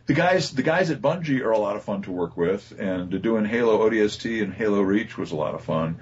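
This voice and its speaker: A man, a voice actor being interviewed, telling relaxed stories about his work with many fillers and restarts. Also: on the low side, fairly quick, breathy edge. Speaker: voice actor guest. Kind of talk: casual interview talk. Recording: dull lo-fi recording.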